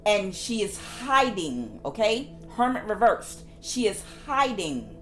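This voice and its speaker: Woman tarot reader, lilting and animated delivery, hammers points by repeating herself. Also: medium pitch, slow, faint music behind. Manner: repeats phrases emphatically. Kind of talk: casual spiritual reading.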